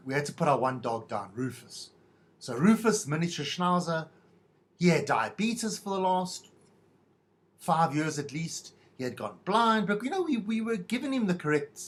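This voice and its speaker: A man's voice: a little high, lively intonation, normal speed. A middle-aged man hosting a podcast, telling a rambling, self-mocking monologue in a wry, stop-start way. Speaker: podcast host.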